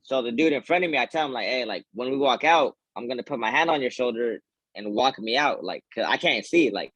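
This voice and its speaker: A man's voice: mid-range voice, lively intonation, brisk, a bit bright, no echo. A man co-hosting a podcast, rambling through a funny story full of filler words and laughter. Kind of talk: casual chat.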